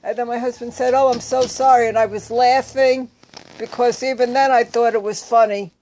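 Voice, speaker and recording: An older woman with a fairly high, steady, slightly mellow voice tells her own past at a normal speed, with a little hiss or hum in the background. Her casual recollection rambles, full of fillers and self-corrections.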